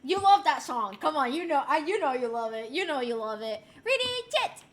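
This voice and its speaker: A woman's voice: sits high, animated, a little fast, a little hiss or hum. A young adult woman streamer chatting casually and reading chat aloud. She swears freely, laughs often, and has a slightly sore throat.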